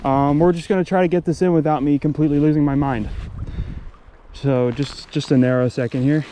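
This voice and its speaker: A man vlogging while fishing alone, who talks straight to viewers in excitable live commentary and repeats his exclamations. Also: fairly high pitch, brisk. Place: outdoors on a river. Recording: outdoor recording with wind and water noise.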